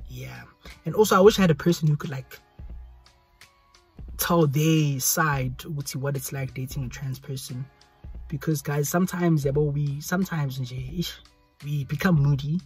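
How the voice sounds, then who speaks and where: Husky-voiced young South African man. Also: mid-range voice, a little mellow. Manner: chatty, rambling, repeats pleas. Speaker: YouTuber. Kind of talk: casual vlog talk to camera. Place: hot indoor room. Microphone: phone selfie camera.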